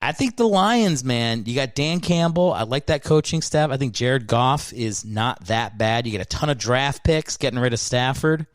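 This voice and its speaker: A man's voice: mid-range voice, expressive, moderate pace, hardly any pauses, no echo, clean studio sound. A man hosting a comedy podcast, rambling through a profane, riled-up sports rant. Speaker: podcast host. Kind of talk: solo comedy podcast monologue.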